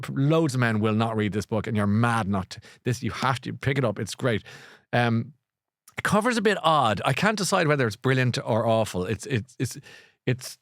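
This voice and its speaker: A man's voice: medium pitch, no echo, clean studio sound. A middle-aged Irish man hosting a podcast, chatting in a rambling way with many restarts and self-corrections. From Ireland. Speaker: podcast host. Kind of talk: casual chat, book recommendation.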